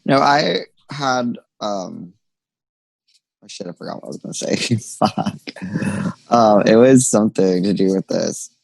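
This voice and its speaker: A young man chats on a podcast in an animated storytelling way. He acts out sassy retorts and swears casually. The sound is close and dry, with no room around it. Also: fairly low pitch, a little slow, gravelly, pauses often, no room sound, rough recording. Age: young adult. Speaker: podcast co-host. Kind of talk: casual chat.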